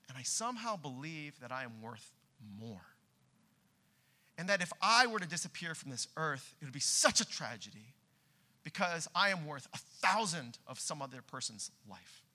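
A young man preaches in a church, his voice very bright and ringing, set a little high. He tells his story earnestly and climbs to loud, animated peaks. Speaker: pastor. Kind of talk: sermon.

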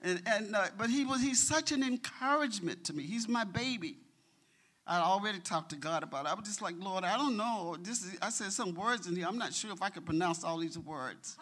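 A woman's voice: mid-range voice, animated, a little fast, a bit bright. A middle-aged woman giving a heartfelt testimony in a church before reading scripture. She speaks earnestly and says openly that she is nervous. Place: church sanctuary.

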